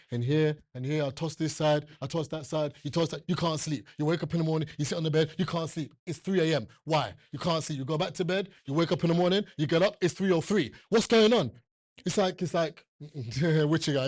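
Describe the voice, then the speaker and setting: A man with a fairly high voice delivers a sermon, recorded in studio quality without echo. He hammers his points emphatically and repetitively, jokes with the congregation, and frequently asks them questions.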